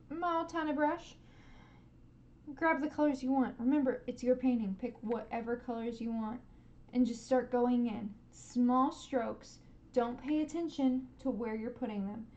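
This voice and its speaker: A woman streaming a live painting lesson, gently encouraging viewers and making playful sound effects as she paints. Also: on the high side, steady tone, a little slow, highs cut off.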